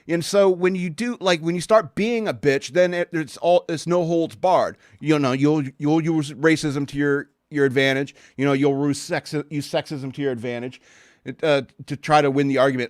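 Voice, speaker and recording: A man's voice: a little high, normal speed, no echo, clean studio sound. A man hosting a podcast, ranting bluntly and sarcastically with many restarts. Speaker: podcast host. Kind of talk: casual opinion rant.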